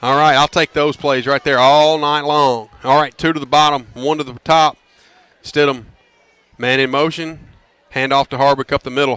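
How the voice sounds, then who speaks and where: Folksy football announcer, bright voice. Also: male voice, mid-range voice. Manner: folksy, erupts into loud excited calls on big plays. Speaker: play-by-play announcer. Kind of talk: high school football radio commentary. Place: stadium press box.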